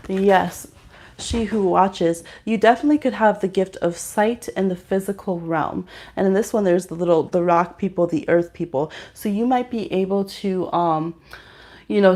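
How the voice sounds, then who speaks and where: A woman's voice: mid-range voice, a little mellow. A woman hosting a live-stream tarot reading, chatting casually with many fillers while she reads the chat aloud.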